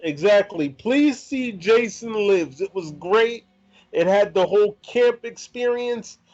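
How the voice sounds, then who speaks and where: A man's voice: high-pitched, expressive, slow, darkish tone, dull audio, faint music behind. A man in his thirties hosting an interview, eager and outspoken, gushing as a fan. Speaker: interviewer and channel host.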